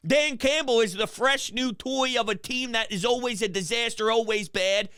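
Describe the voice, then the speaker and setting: High-voiced, bright sports talk host. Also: male voice, clean tone, dry recording, studio quality. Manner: fast, animated ranting with quick restarts. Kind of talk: opinionated sports talk show.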